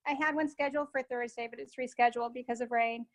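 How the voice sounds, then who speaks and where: Woman guest, high voice, halting and full of fillers, casual interview. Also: fairly even intonation, rough recording. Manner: halting, many filler pauses. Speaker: guest sound therapist and forest guide.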